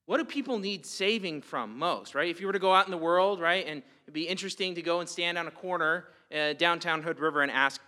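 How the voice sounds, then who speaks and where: A man preaches a sermon in a bright, forward voice that sits a little high for a man. He is emphatic and keeps asking rhetorical questions, often repeating words as he builds his point. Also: a little fast, few pauses. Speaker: pastor.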